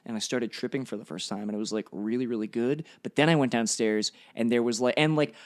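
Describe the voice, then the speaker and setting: Man, twenties, podcast co-host, casual storytelling, rambling, laughs a lot, mid-pitched voice. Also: steady tone, fast talker. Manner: rambling anecdotes full of "like", laughing often.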